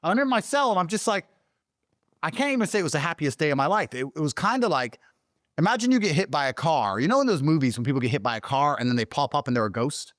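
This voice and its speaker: A man's voice: quick pace, no room sound, clean studio sound. Profane, heated man telling a story. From Britain. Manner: swings into high excited outbursts. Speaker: interview guest. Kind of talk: casual interview storytelling.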